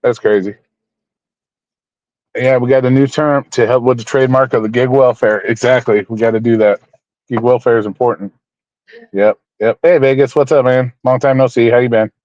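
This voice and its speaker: A man's voice: mid-range voice, fairly even intonation, normal speed, darkish tone, dry recording. Dude rambling on his livestream, repeats stuff, swears, kinda muffled dry audio. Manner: rambling, repeats himself, talks to chat by name; blunt, swears, mock-preachy. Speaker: livestream host. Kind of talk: casual livestream chat. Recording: dull, dry lo-fi sound.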